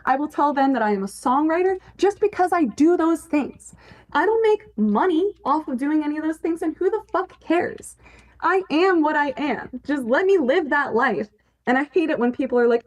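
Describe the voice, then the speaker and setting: A woman's voice: high voice, lively intonation, normal speed. A woman chatting casually on a livestream, emphatic, swearing freely and laughing often as she answers her chat. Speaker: fanfiction writer on a livestream.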